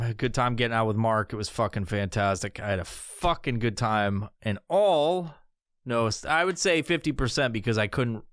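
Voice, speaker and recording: A man hosting a solo podcast, ranting casually with lots of swearing and squeaky impressions of other people. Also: smooth, no echo, studio quality. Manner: profane, animated, mimics voices in high pitch. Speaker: podcast host.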